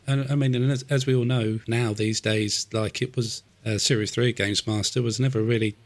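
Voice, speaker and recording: A man's voice: mid-range voice, fairly even intonation, moderate pace, dry recording. A man from Essex with a southern English accent, hosting a podcast in casual chat and encouraging his guest with plenty of yeahs. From Essex, England. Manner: affable, encouraging, frequent yeahs and laughs. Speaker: podcast host.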